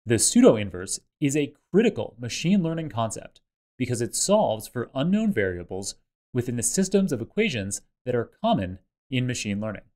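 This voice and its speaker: A man teaching a tutorial, explaining step by step in a measured way over slides and a code demo. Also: mid-range voice, big pitch swings, a little mellow. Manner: measured, explanatory, with occasional fillers. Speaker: instructor.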